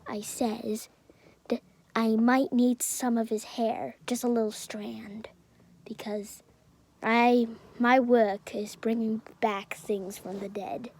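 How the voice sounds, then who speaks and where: A woman voicing a soft-spoken male scientist in his thirties or forties, speaking in a hushed half-whisper. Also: fairly high pitch, little pitch movement, slow pace, vocal fry, exaggerated voice. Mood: insistent. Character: soft-spoken male scientist who revives the dead, 30s to 40s.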